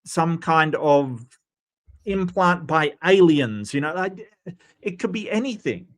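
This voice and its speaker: A man's voice: fairly high pitch, animated, slow. Man casually reviewing a debate. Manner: conversational, reasons step by step with many fillers. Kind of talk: casual analytical commentary.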